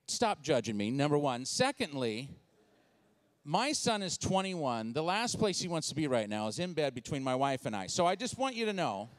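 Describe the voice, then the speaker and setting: A man's voice: fairly high pitch, very animated, moderate pace, dry recording. A man in his forties speaking as a guest in church, telling stories in a playful, self-deprecating, conversational way. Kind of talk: comedic storytelling sermon. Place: church sanctuary.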